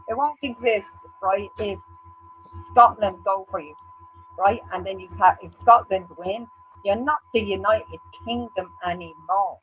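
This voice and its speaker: A woman's voice: mid-range voice, a bit bright, slight background noise, low-quality recording. Blunt swearing Irish woman ranting. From Ireland. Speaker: co-host. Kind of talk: casual livestream chat.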